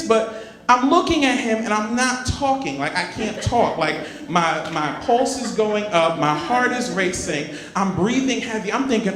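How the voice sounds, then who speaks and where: High-voiced young male stand-up comic. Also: unhurried. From Caribbean. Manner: animated, swings between loud bursts and low asides. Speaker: stand-up comedian. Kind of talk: stand-up storytelling. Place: comedy club stage. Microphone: handheld stage mic. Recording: echoey club with audience. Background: laughing audience.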